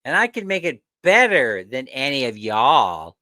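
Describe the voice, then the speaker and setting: A man hosting a casual livestream chat, ranting with animated energy and laughing often. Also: medium pitch, unhurried, dry recording, studio quality. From not from the Philippines. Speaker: livestream host.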